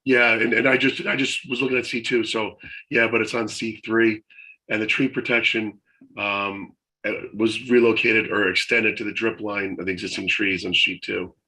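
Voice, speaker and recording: A man's voice: lowish voice, little pitch movement, normal speed, pushed and bright, low-quality recording. A man presenting engineering plans at a meeting while losing his voice, going through items in a matter-of-fact way.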